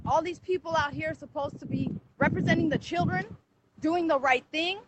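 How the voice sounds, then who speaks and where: A woman's voice: high voice, a little fast, very noisy. A mother livestreaming outdoors beside a car, talking in an urgent, agitated way and coaching her children to speak up. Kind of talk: live phone stream, urgent pleading.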